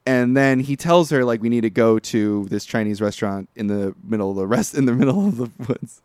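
A man's voice: mid-range voice, brisk, smooth, dry recording. Profane man recapping a movie. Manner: rambling, profane, animated retelling. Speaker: podcast co-host. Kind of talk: casual movie recap chat.

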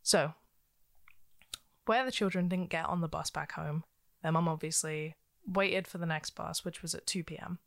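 A woman's voice: low voice, normal speed, creaky. A woman co-hosting a podcast, telling a true-crime case in a casual, chatty way with frequent ums and likes. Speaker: podcast co-host.

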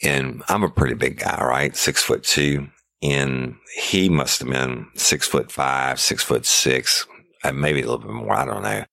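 A middle-aged man tells a story in blunt, salty, plain talk. His voice sits extremely low and gravelly, yet the tone cuts through sharp and forceful. The recording is dry and close. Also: a little slow, no room sound. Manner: blunt, profane, vivid storytelling with radio-code recall. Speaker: former sheriff's deputy telling a story. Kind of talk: casual storytelling.

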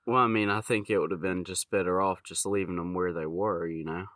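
A man's voice: low voice, steady tone, brisk, fairly bright tone, no room sound, studio quality. A man co-hosting a podcast, chiming in with short reactions and off-hand questions. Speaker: podcast co-host. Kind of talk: casual chat.

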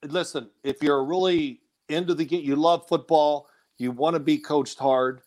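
A man, a former quarterback, telling stories as a guest in an animated, laughing way and acting out quotes. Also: on the high side, moderate pace. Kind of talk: casual phone-in storytelling.

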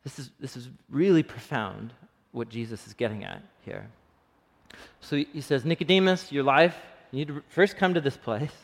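A man's voice: medium pitch, moderate pace, creaky. A man giving a conversational sermon, acting out the lines he quotes. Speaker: pastor. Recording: long hall reverb.

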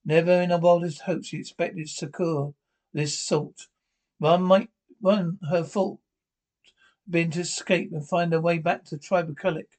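A man with a somewhat high voice reads a classic adventure novel aloud. He stumbles and restarts words often, pressing on through the story in an unpolished, amateur narration. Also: level tone, darkish tone, poor audio. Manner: halting, frequent restarts and stumbles. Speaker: audiobook narrator.

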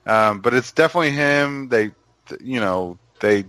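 A man's voice: mid-range voice, expressive, moderate pace, a bit bright, no echo. A man on a podcast thinking aloud about a TV trailer, hedging and using many fillers. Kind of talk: casual chat about a TV trailer.

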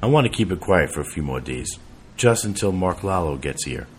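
A man's voice: low-pitched, expressive, fairly quick, a little hiss or hum. A man voicing a tired, guarded police officer. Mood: weary.

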